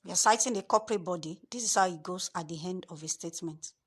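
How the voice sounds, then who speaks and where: A woman's voice: lowish voice, breathy edge. Woman tutor explaining step by step. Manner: repetitive, stresses key words slowly. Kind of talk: screen-share lesson.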